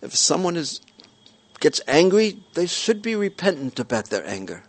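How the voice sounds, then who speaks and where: A man voicing Nanda, a kindly father and cowherd chief, who speaks softly and soothingly. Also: fairly high pitch, sing-song, normal speed, pitched above the performer's own voice. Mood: calm.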